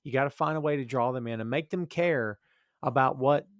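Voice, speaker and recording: A man cohosts a casual podcast in an easygoing, agreeable way, tossing in "man" and "dude". His voice sits at a middle pitch. The recording is close and dry. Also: fairly quick, no room sound.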